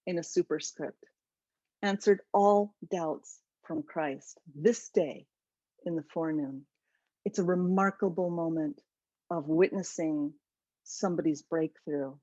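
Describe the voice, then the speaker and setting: Woman author, animated webinar talk, low-ish voice, dull video-call sound. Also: dry recording. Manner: animated, enthusiastic storytelling. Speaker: author presenting her book. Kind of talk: webinar lecture.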